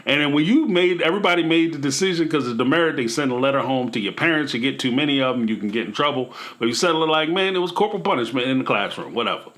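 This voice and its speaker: A man's voice: mid-range voice, lively intonation, very fast, few pauses, fairly bright tone. A man hosting a commentary channel, talking emphatically and preachily in a casual vlog style, with playful asides.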